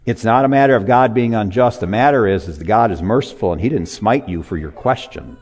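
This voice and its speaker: A man preaching a sermon to a live congregation in a church, animated and conversational, with chuckles and asides to listeners. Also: lowish voice, a little fast, slightly rough.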